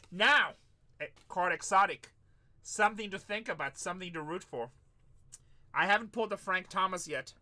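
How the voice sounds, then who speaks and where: A man hosts a live card break stream, calling out each player as it comes and chatting with viewers between pulls. His voice sits high and sounds very bright and forceful. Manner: hyped, calls out pulls and chats with viewers.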